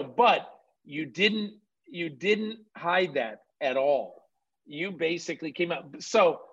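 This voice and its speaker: A man's voice: a little high, a bit bright, muffled recording. A man hosting an interview, talking in a loose, rambling way and correcting himself as he goes. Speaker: host. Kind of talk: conversational radio interview.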